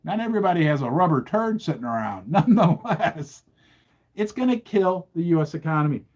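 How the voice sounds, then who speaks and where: Animated, indignant male livestream host. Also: a little high, brisk. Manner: animated, indignant, keeps asking the audience questions. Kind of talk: livestream commentary.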